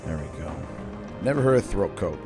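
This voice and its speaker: Hoarse Canadian gaming streamer, lowish voice, excitable yelps, game music behind. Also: male voice, brisk. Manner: excitable, yelps and shouts at the game, then talks low. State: hoarse, losing his voice. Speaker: gaming livestreamer. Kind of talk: live gameplay commentary.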